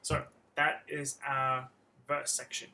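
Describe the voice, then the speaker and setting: A man's voice: mid-range voice, flat delivery, slow, low-quality recording. A man teaching a guitar lesson on a livestream, explaining chords step by step and counting out picking patterns. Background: his own acoustic guitar playing.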